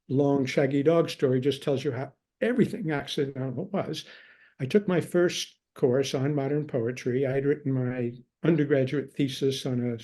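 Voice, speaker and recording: An older man, a scholar being interviewed, telling long wry stories about his past and acting out what others said. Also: mid-range voice. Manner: wry anecdotal storyteller, quotes others in lively tones. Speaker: guest scholar. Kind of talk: relaxed storytelling in conversation.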